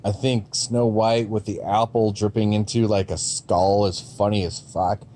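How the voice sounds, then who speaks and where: A man's voice: on the low side, flat delivery, measured pace, warm tone, slight background noise. A man giving a casual, rambling review of movie trailers, with frequent ums and restarts and a blunt, sometimes profane way of talking.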